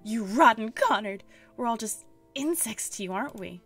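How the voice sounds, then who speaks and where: A woman's voice: fairly high pitch, animated, fairly quick, breathy edge, soft background music. A woman voicing a vengeful young woman who speaks in a bitter, accusing way.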